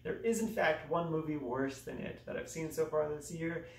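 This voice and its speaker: A man's voice: a little high, normal speed, a little hiss or hum. A young man casually reviewing movies in a self-mocking, exaggerated way, with sudden dramatic swings in his voice. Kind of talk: casual comedic review monologue. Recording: echoey room, voice a bit off-mic.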